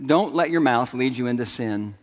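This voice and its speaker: A man's voice: medium pitch, expressive, normal speed. Man preaching in a reverberant hall. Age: middle-aged. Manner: storytelling, asks the congregation to respond. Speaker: pastor. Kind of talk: sermon. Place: large church sanctuary.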